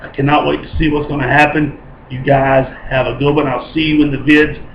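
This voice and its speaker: A man giving an excited, rambling casual video review, often correcting himself as he talks. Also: a little high, brisk, creaky, reverberant, lo-fi sound, a little hiss or hum. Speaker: vlogger reviewing wrestling.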